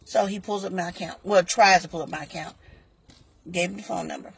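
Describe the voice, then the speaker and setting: A woman on her own vlog telling a customer service story in an animated way, acting out both sides of each exchange. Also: on the low side, brisk, creaky, breathy edge. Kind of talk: storytime vlog, recounting an argument.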